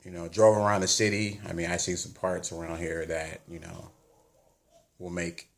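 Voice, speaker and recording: A man from the United States tells a casual travel story in a low voice with plenty of gravel and fry. He talks in an animated way and keeps acting out the lines people said to him. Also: moderate pace. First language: English. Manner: chatty, animated retelling with quoted dialogue. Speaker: vlogger.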